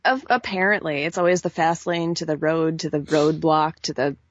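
A woman co-hosting a casual wrestling podcast, easygoing and quick to laugh along. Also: low voice, fairly even intonation, no room sound. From United States. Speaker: podcast co-host. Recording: dry muffled mic.

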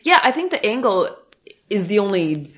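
A woman, co-hosting a casual podcast chat, animated and sarcastic, often acting out what people said. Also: mid-range voice. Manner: animated, sarcastic, quick to act out quotes. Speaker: podcast co-host. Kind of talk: casual chat recapping wrestling.

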